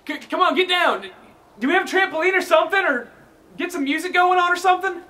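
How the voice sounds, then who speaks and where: Young guy doing a flustered reporter bit, really high voice, lively. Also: fast talker, soft background music. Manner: flustered, repeatedly restarting. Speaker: news reporter in a sketch. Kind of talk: amateur comedy sketch.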